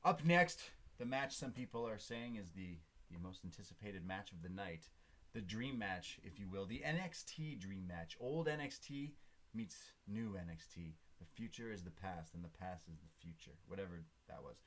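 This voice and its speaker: Man, lowish voice, podcast co-host, casual wrestling chat, joking, filler-heavy. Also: expressive, normal speed, a bit bright. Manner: joking, recaps with lots of fillers.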